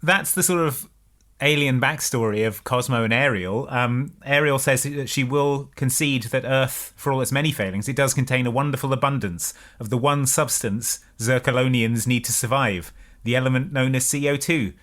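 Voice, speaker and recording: A man co-hosting a podcast, recapping a film's plot with wry, deadpan asides. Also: mid-range voice, normal speed. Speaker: podcast co-host. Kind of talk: casual chat recapping a film.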